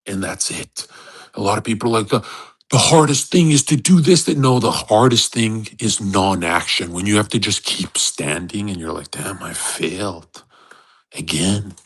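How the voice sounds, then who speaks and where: A man's voice: fairly low pitch, moderate pace, slightly rough. A man in his thirties hosting a livestream, giving a blunt, profane motivational rant and acting out quoted voices. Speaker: host. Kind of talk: livestream monologue.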